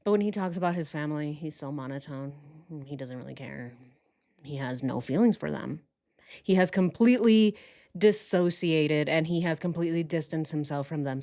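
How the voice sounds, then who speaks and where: A woman's voice: low-pitched, moderate pace, warm tone. Sarcastic woman commenting to viewers. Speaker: host. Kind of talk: true crime commentary.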